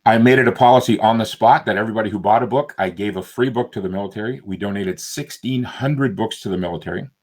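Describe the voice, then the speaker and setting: A man's voice: lowish voice, fast, hardly any pauses, a little mellow. A man, a self-published author, telling a story in a panel chat and acting out the voices he quotes.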